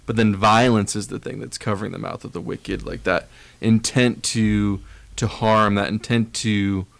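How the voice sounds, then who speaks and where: A man's voice: lowish voice, fairly even intonation, normal speed, vocal fry. A man on a church podcast reflecting on a proverb, thoughtful and hesitant, with many fillers. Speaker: podcast regular who reads the proverb. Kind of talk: casual reflection on scripture.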